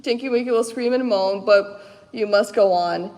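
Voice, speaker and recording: A woman reading the lines of a calm, lecherous male wizard professor at a live panel. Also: mid-range voice, moderate pace, a little hiss or hum, natural voice. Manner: calm and soft. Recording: echoey convention hall.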